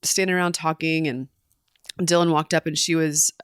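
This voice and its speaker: Woman, podcast co-host, low-pitched, halting reflective speech, dry close mic. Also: little pitch movement, smooth, no echo. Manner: reflective, halting, many restarts. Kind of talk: casual conversation.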